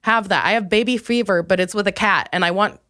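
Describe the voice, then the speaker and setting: A young woman comedian talks through a loose, rambling monologue, mocking herself as she goes. Her voice sits in a middle register and jumps high when she acts out her own panic. It is recorded close and dry, with no room sound around it. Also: fairly quick, bright, forceful tone, no room sound. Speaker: comedian podcast host.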